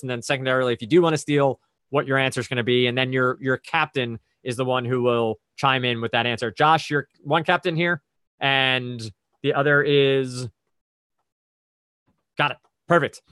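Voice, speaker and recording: A man's voice: medium pitch, a bit bright, clear, resonant tone, no echo. Male quiz host, mid-range voice, dry close sound over a video call; methodical rule explainer with chatty asides. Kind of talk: explaining rules and reading clues.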